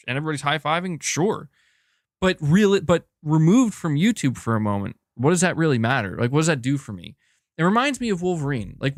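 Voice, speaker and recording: A man's voice: a little high, dry recording, clean studio sound. A man streaming as a gaming YouTuber, reading chat and chatting loosely, swearing and calling people dude and bro. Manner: casual, swears, says dude and bro a lot.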